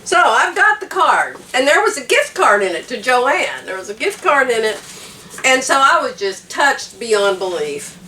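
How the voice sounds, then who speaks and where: A woman's voice: high voice, very animated, normal speed, sharp tone, slight background noise. An older woman from the United States, teary from crying, telling a story to her viewers in a casual vlog, laughing between sentences. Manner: emotional, tearful, laughs while talking. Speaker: vlogger. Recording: echoey room, a bit far from the mic.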